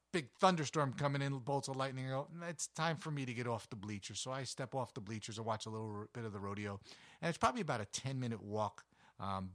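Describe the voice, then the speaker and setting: A man's voice: mid-range voice, fairly bright tone, no room sound, clean studio sound. A man telling casual travel stories in a rambling, anecdotal way, with many fillers and restarts. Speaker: travel vlogger.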